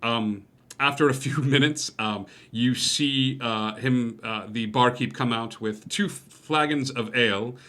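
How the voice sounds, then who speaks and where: Game master, male, bright tone, halting casual narration. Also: medium pitch. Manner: hesitant, many fillers and laughs.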